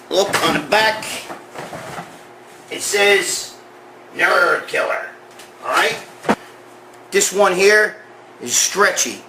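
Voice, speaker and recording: A middle-aged man, giving a blunt, profane gym pep talk that grows loud and excited as a bodybuilding vlog host. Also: high-pitched, noisy background. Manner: blunt, swearing, repeats himself, growing loud and excited. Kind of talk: profane motivational gym rant.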